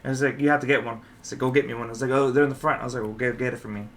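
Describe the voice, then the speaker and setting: A man hosting a casual podcast chat, telling animated stories and swearing freely. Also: medium pitch, very fast. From Los Angeles. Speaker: podcast host.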